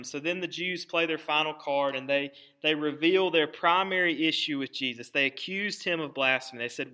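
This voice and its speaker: A man preaching a sermon in a bright, forceful, fairly high voice. He delivers it with strong emphasis and dramatic pauses. He often doubles back on a word as he drives home a point. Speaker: pastor.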